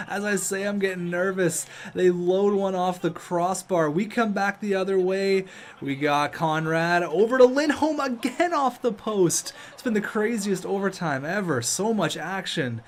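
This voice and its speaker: A young man commentating his own video game match, joking and shouting when play gets tense. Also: sits high, measured pace. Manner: excitable, jokey, shouts at big plays. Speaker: gaming YouTuber.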